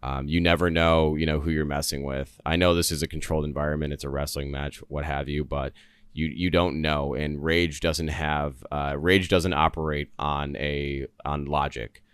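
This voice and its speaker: A man's voice: rumbling low, little pitch movement, normal speed, clean tone, dry recording, studio quality. A man hosting a solo podcast, talking through news in an earnest, rambling way with many fillers and restarts. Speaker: podcast host. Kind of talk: solo commentary.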